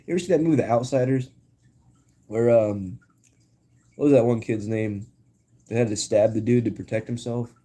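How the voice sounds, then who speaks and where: A man's voice: mid-range voice, moderate pace, pauses often, warm tone. A young man hosting a live stream, chatting casually with viewers in a rambling, slangy way full of "like" and "dude".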